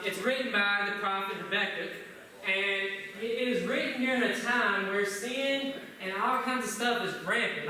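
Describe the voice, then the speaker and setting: High-voiced preacher in an echoey church. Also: male voice, sharp tone, slight background noise. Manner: asks the congregation many questions. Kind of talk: sermon. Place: church sanctuary. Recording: echoey church room, from a distance.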